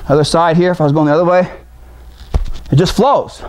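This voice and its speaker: A man's voice: fairly high pitch, steady tone, fairly quick, darkish tone. A middle-aged man, a martial arts instructor, casually explaining self-defense moves while directing a partner through them in a gym. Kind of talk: demonstrating self-defense techniques.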